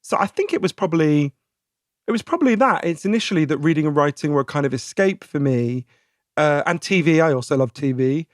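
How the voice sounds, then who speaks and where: A man in his forties with a posh British accent, answering interview questions in a chatty, animated way, laughing often and restarting his sentences. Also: a little high, brisk, no echo, studio quality. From Britain. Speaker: guest author.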